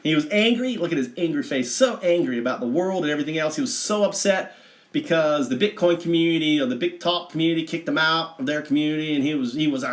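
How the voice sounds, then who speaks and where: A man talking through a chart in a digressive, rambling monologue, restarting often and bursting into excitement. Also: on the high side, quick pace, echoey room. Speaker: vlogger explaining a chart of figures.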